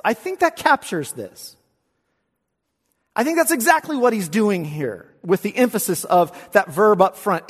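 A pastor preaching an expository sermon in a church, swinging between emphatic lines and hushed asides and asking rhetorical questions. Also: male voice, high voice, very animated, unhurried, slightly rough, long reverb tail. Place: church sanctuary.

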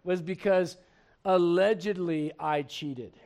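Slow and high-pitched, a male pastor from Puerto Rico delivers an animated, joking sermon. He keeps restarting sentences and playing out little scenes.

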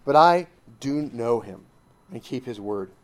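A man delivering a sermon to a church assembly, reading a passage of scripture and then driving its point home. He talks with forceful emphasis that rises loud and drops to hushed asides, at an ordinary middle pitch for a man. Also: expressive, measured pace. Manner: emphatic, pushing the point hard, swinging between loud and hushed. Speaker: preacher addressing a church assembly.

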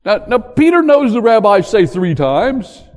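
Animated older man preaching in a reverberant hall. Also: high-pitched, measured pace. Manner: animated storytelling preacher, jokes with the congregation. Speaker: pastor. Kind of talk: sermon.

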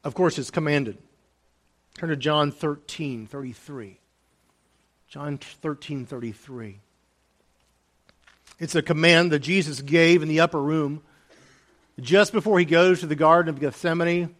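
A man preaching a sermon as pastor, moving between soft, hushed lines and raised, emphatic ones, and repeating key phrases for emphasis. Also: a little high, moderate pace.

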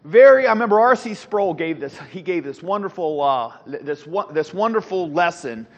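A middle-aged man teaching a Sunday school class, animated, with rhetorical questions and frequent restarts. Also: high voice, moderate pace. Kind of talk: Bible teaching. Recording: dull lo-fi sound with long hall reverb.

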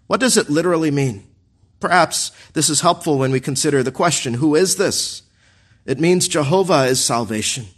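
A man preaching a sermon in an earnest way, asking the congregation questions and slowing down to stress quoted scripture. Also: fairly high pitch. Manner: earnest, asks the congregation questions and answers them.

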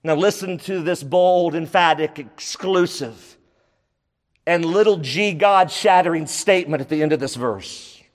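Emphatic high-voiced male preacher. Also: a little slow, big-room sound. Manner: emphatic, repeats key phrases for stress. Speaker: pastor. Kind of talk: sermon.

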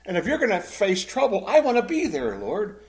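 A man's voice: sits high, very animated, normal speed, pitched above the performer's own voice. A man voicing an earnest, impulsive fisherman disciple who pleads and insists emphatically. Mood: pleading.

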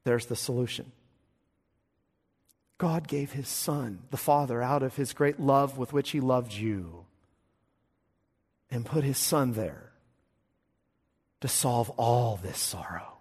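A man preaching a sermon as pastor, emphatic, swinging between hushed lines and loud, ringing ones. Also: medium pitch, takes it slowly, long pauses, husky. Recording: long hall reverb.

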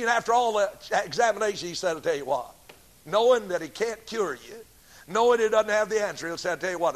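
Middle-aged preacher guy, really high voice, gets loud then drops low, full sermon mode. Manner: emphatic, swings from loud declarations to low asides.

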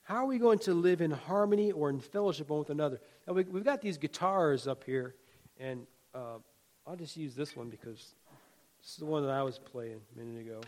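A man's voice: fairly high pitch, fairly quick, darkish tone. A man preaching a sermon as a pastor, talking in a folksy, conversational way with humor and asides, and building emphatic, rhythmic exhortations.

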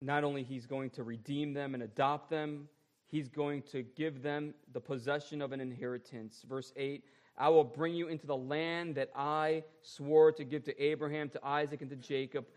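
A man preaching a sermon as a pastor, drawing out repeated phrases and moving between loud stresses and quiet asides. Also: a little high, fairly even intonation. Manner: emphatic, drawn-out repeated phrases, shifting between loud and soft.

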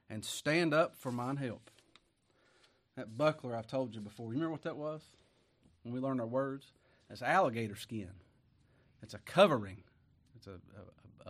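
A man preaching a sermon, folksy and emphatic, rising to loud declamation when he reads scripture. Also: medium pitch.

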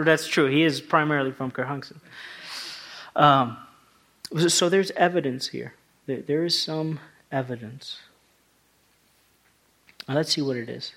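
A man's voice: mid-range voice, moderate pace, long pauses, fairly bright tone. A male pastor preaching a sermon, talking through scripture in a conversational way that rises to emphatic passages.

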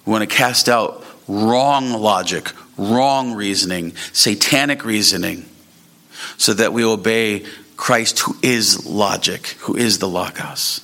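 Male pastor, bright forceful tone, earnest sermon delivery that climbs on emphatic lines. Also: slow. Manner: earnest preaching, rising in pitch at emphatic points.

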